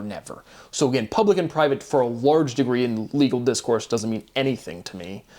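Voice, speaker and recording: A man's voice: mid-range voice, darkish tone. A man delivers an unscripted monologue as host of a legal commentary series. He rants and swears freely, doubling back with restarts and asides as his thoughts run ahead of him. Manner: ranting, profane, rambling with many restarts. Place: Ohio.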